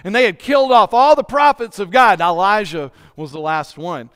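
A man with a fairly high, smooth and resonant voice delivers an earnest sermon, putting questions straight to his congregation. His words ring out with a long hall reverb in a church. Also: moderate pace, fairly bright tone. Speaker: pastor. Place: church sanctuary.

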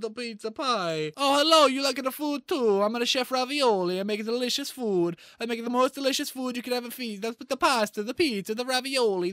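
A man's voice: very high-pitched, sharp tone, clean tone, no echo, clean studio sound, exaggerated voice. A man playing a boastful, rambling male Italian chef in a put-on Italian-American accent, chatting on video call. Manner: rambles through food lists, pleased with himself. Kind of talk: comedic character improv on video chat.

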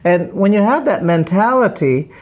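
A middle-aged man, a pastor hosting a morning devotional radio show, talking in a cheerful, energetic, preacherly way. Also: sits high, moderate pace. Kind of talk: upbeat devotional radio chat.

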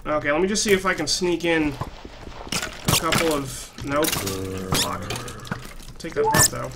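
A man giving gameplay commentary, swearing a lot and flaring into loud frustrated outbursts. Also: on the high side, a little slow, heavy background noise. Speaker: let's play gamer.

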